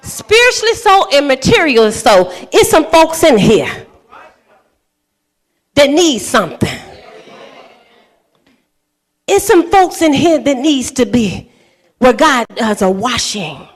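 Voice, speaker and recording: A woman pastor in her fifties preaching a sermon, telling a personal story with laughter and building to shouted preaching. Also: sits high, lively intonation, takes it slowly, pauses often, breathy edge. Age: 50s. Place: church sanctuary.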